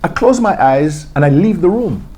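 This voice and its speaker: A man's voice: on the high side, lively intonation, moderate pace, dark tone, breathy edge. A man telling stories as an interview guest, acting out quotes and laughing often. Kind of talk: storytelling interview.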